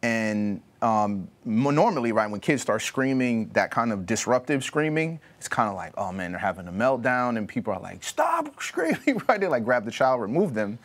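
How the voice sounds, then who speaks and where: Lower-voiced man telling a family story. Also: moderate pace, hardly any pauses. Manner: relaxed storytelling, many fillers. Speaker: panelist. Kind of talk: personal story in a panel discussion.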